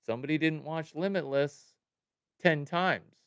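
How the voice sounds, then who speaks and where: Excitable man livestreaming, slow and crisp. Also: a little high, dry recording, clean studio sound. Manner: excitable, jumps from mumbling to loud outbursts. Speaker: livestream host. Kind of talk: animated livestream talk to chat.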